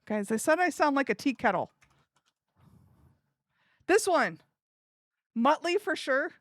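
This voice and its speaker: A woman live streamer chatting casually with her viewers in an animated, giggly way. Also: high voice, takes it slowly, no echo, studio quality.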